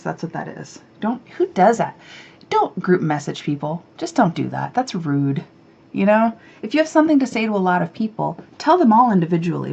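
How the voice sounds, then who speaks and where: A woman hosting a knitting podcast, chatting casually to camera, excitable and chatty, and she swears freely when she rants. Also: lowish voice, gravelly, lo-fi sound.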